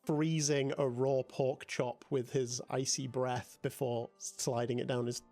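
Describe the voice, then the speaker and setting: A man running a tabletop game as game master, narrating casually with many fillers, with soft music behind. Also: medium pitch, little pitch movement, a little slow.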